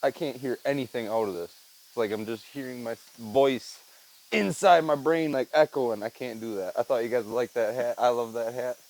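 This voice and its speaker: A tired man hosts a casual solo podcast into a headset mic, rambling loosely in a laid-back way, swearing and saying "man" and "dude" constantly. His voice is mid-range and a little mellow, delivered at normal speed, but the audio quality is poor.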